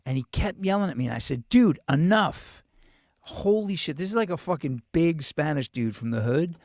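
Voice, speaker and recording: New york guy rambling and cussing, gravelly voice, dry close sound. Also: fairly high pitch, expressive, a little fast, darkish tone, no echo. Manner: profane, rambling, restarts often. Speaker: host. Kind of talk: rambling casual monologue.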